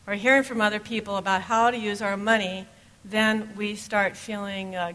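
A woman pastor preaching a sermon, telling stories in an easy, conversational way at a middle pitch. Her voice carries a long reverb from a church sanctuary. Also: fairly bright tone.

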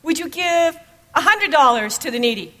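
A woman's voice: high-pitched, lively intonation, normal speed, sharp tone, long reverb tail, voice pushed up. A woman voicing a patient female Sunday school teacher, asking coaxing questions.

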